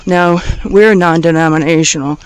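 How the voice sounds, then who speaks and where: High-voiced man vlogging outdoors. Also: normal speed, smooth, poor audio. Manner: chatty, easily amazed, talks to viewers directly. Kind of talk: casual walking vlog. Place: outdoors by a river bridge in a small town. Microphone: handheld camera.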